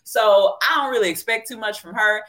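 A woman with a Southern US accent holds forth on a casual panel, blunt and profane, with a drawl in her talk. Her voice is bright and edged, sitting at a middling pitch. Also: a little fast. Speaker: panelist, epidemiologist.

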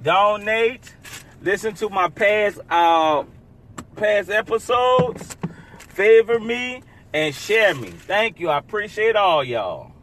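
A man with a fairly high speaking voice rambles through a casual solo podcast. He repeats himself, trips over words and restarts, then builds things up like he is calling a big fight. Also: expressive, slow, noisy background. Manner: rambling and repetitive, with restarts and stumbles; hypes the matchup like a fight announcer. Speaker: podcast host.

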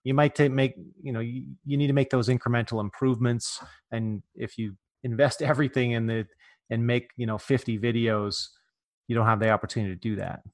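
A man's voice: medium pitch, fairly even intonation. A man from rural California hosting a casual podcast interview, joking and laughing easily with his guest. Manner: jokey, quick to laugh. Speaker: podcast host.

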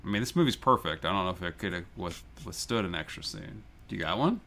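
Man, low voice, forceful bright tone, rambling jokey podcast banter. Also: lively intonation, fast, vocal fry. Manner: rambling, jokey, laughs often. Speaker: podcast co-host. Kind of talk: casual movie podcast banter.

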